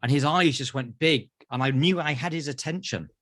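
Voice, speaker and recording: A British man, a therapist, telling animated stories in an interview and acting out voices. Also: mid-range voice, a little fast, no room sound, studio quality. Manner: acts out voices in anecdotes. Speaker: therapist guest.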